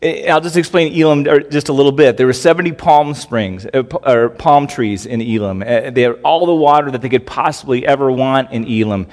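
A man's voice: mid-range voice, fairly quick, few pauses, a little mellow. A man pastor preaching a sermon in a conversational way, with rhetorical questions and acted-out prayers. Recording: long hall reverb.

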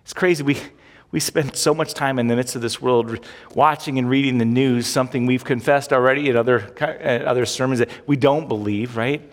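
A man preaching a sermon as pastor, animated and emphatic, with many rhetorical questions. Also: mid-range voice, fairly quick. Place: church sanctuary. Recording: long hall reverb.

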